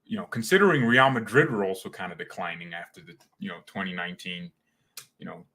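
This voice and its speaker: A young man hosting a casual fan livestream, talking in an animated, slangy, excitable way. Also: low voice, quick pace, slight background noise. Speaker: fan channel host.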